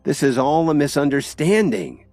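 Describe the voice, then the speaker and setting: A man narrating an audiobook and voicing a calm young man trying to explain himself. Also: a little high, moderate pace, no echo, faint music behind, voice pushed up. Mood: earnest.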